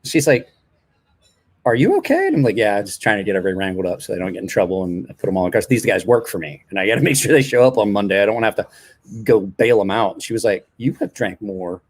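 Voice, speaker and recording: A man's voice: on the low side, quick pace. A man in his forties chatting casually on a late-night live stream, telling rambling stories with a self-deprecating streak.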